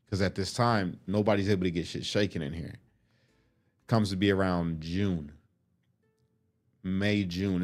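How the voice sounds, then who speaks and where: A man telling a story from his life in casual, profane talk, acting out what people said. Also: deep voice. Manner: profane, animated, acts out quotes.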